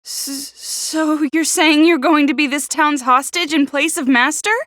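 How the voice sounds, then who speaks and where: A woman's voice: high-pitched, fairly even intonation, measured pace, fairly bright tone, dry recording, clean studio sound. Snappish, stammering teen girl. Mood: exasperated. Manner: stutters on first sounds when flustered. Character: prickly, stammering teenage girl, snappish and sharp-tongued. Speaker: game character. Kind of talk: video game voice acting.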